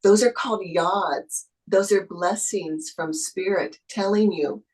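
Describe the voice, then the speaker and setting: A woman's voice: medium pitch, takes it slowly, few pauses, a little mellow, low-quality recording. A woman tarot reader giving an intuitive reading over a video call, soothing and encouraging, with spiritual phrasing.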